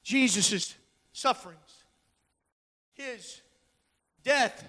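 Man, preacher, very high bright voice, emphatic sermon, long church-hall echo. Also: expressive. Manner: impassioned, slow and emphatic, many "uh" fillers.

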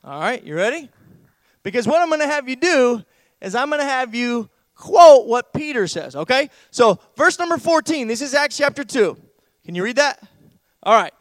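A man preaching a sermon as pastor, swinging from hushed asides to loud, raised declamation. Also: extremely high pitch, sing-song, normal speed, no room sound.

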